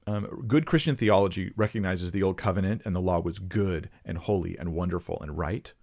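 A man's voice: sits low, brisk, creaky, a little mellow. A man answering viewer questions about the Bible, thinking aloud and reading scripture passages with emphasis. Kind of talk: casual teaching Q&A.

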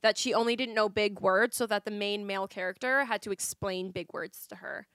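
Blunt woman podcast co-host, bright and high-ish, dry close sound. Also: fairly even intonation, fairly quick, no room sound. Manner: frank, blunt, swears casually. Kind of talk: casual book chat.

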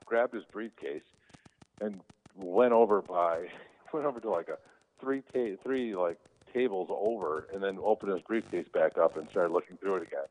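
A man's voice: low voice, normal speed, a little mellow. A man, an actor, telling easygoing, rambling anecdotes as an interview guest, with many fillers. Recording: tinny phone-like sound.

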